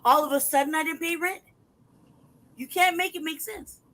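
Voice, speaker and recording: A man's voice: very high voice, normal speed, low-quality recording. A man venting in an angry, profanity-heavy rant as a podcast host. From United States. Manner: angry, profane, loud outbursts. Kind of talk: heated casual rant.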